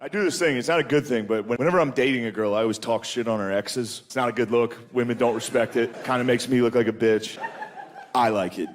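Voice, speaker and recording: A man's voice: medium pitch, fast talker, slight background noise. A man doing a stand-up comedy set, laid-back and crude, often slipping into exaggerated character voices. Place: comedy club stage before a laughing audience.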